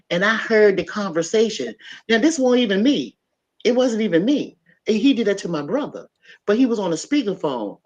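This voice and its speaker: A middle-aged woman hosting a podcast, telling a story in an animated, emphatic way and talking straight to her listeners. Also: medium pitch, fairly quick. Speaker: podcast host. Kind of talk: casual storytelling chat. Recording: dull lo-fi sound.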